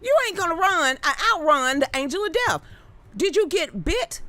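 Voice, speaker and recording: A woman's voice: high-pitched, expressive, pushed and bright, no room sound. A woman hosting a live stream, chatting loosely and joking while reading comments and articles. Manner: loose and joking, quick asides, Southern-leaning slang. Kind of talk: casual chat reading comments.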